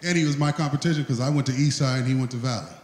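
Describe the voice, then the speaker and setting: A man's voice: medium pitch, very fast, darkish tone. A man hosting an event gives an emotional tribute speech, talking in a heartfelt, plain-spoken way. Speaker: event host. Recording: echoey hall.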